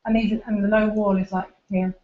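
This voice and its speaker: A woman delivers a relaxed seminar talk with slides, explaining and pointing at images in a lecture room. She has a mid-range voice, speaks a little fast in a level tone, and the recording is roomy and dull.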